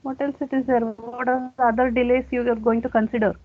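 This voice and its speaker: A woman's voice: on the high side, flat delivery, fast, dry recording. Tinny-sounding woman lecturing step by step. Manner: explains step by step, often saying okay. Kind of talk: classroom lecture. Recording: dry, tinny phone-like sound.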